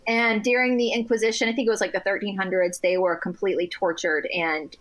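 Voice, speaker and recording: A woman on a podcast telling stories in casual chat, animated, laughing often and restarting her sentences. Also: mid-range voice, fast. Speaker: guest.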